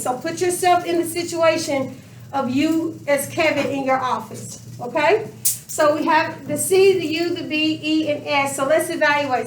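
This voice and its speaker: A high-voiced woman questions her math students, stretching words for emphasis, with a little hiss or hum in the audio. The lesson was filmed from across the room, so the classroom sounds echoey and remote.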